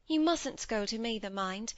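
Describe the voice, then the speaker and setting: A woman's voice: a little high, animated, normal speed, dry recording, muffled recording, lightly acted. A woman voicing an earnest young girl confessing. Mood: confiding. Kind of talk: audiobook character reading.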